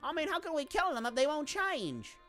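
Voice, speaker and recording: Woman doing a gossipy male soldier, drawling, coarse slang, sly, lively pitch. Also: brisk, faint music behind. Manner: sly, conspiratorial, teasing.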